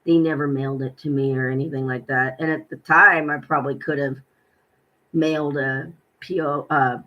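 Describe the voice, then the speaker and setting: A woman's voice: rumbling low, steady tone, normal speed, dull audio. A middle-aged woman vlogger telling a personal story in a rambling, indignant way, with many ums and restarts.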